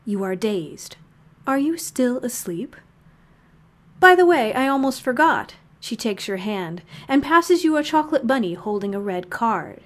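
Woman playing a creepy-cheery radio monster under your bed, kinda high, swoopy announcer voice, loves the gory bits. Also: big pitch swings. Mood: hushed storytelling. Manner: measured announcer delivery with gleeful morbid relish. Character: cheerful macabre monster radio broadcaster hiding under beds. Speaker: radio broadcaster. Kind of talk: fictional radio broadcast.

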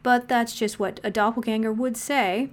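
A woman voicing an unflappable male government agent who talks in a dry, deadpan, understated way. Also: on the high side, normal speed, lightly acted.

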